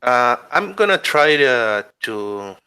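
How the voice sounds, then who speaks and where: A man's voice: mid-range voice, very animated, takes it slowly, pushed and bright, smooth. A man playing a tabletop game, talking casually and hesitantly as he decides his moves. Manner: hesitant, many fillers while deciding. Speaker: player.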